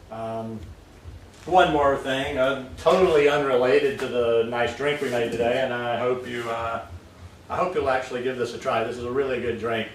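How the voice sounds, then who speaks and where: At home making smoothies, a vlogger chats casually in a medium-pitched voice, rambling and using lots of fillers. The mic is distant and the room sounds roomy, with faint ambience and a little hiss or hum.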